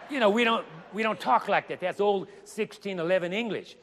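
A male preacher delivering a sermon, with dramatic, drawn-out emphasis and joking asides. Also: sits high, long reverb tail, noisy background.

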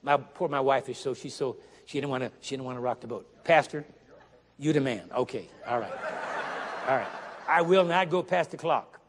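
A man's voice: medium pitch, background noise. Man preaching a sermon in a reverberant hall. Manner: emphatic, repeats key phrases, reads scripture slowly; asks the congregation questions. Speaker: guest preacher. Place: church sanctuary.

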